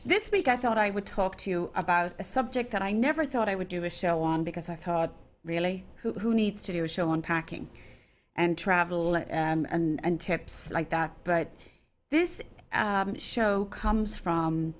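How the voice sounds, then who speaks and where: A woman's voice: lowish voice, normal speed. A woman hosting a radio show from a studio, chatting casually with many asides. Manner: chatty, rambling, full of asides. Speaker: host.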